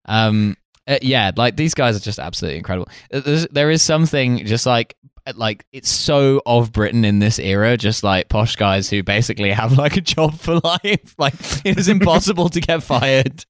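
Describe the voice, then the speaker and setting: A man's voice: mid-range voice, animated, normal speed, few pauses, dry recording, clean studio sound. A man co-hosting a casual comedy history podcast, reading from notes and breaking off into jokey asides. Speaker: podcast co-host.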